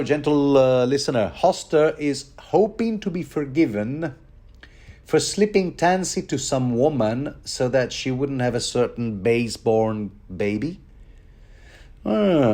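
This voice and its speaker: A man's voice: mid-range voice, dark tone. A man giving a rambling, casual book commentary, wry and chatty with many asides.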